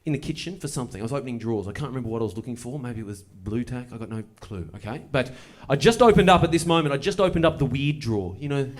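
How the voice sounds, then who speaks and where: On stage, a male stand-up comedian tells a long story, starting with dry, deadpan timing before breaking into excited bursts. He speaks at a medium pitch, rapid-fire, with few pauses, while the audience laughs in the background.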